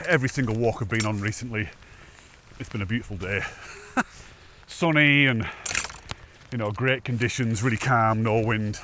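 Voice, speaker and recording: A man's voice: mid-range voice, background noise. A man chatting casually on a wet hillside walk, a bit out of breath, laughing often and poking fun at himself. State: slightly out of breath. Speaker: hiking vlogger. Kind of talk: casual walking vlog chat. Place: outdoors on a wet, windy mountain path.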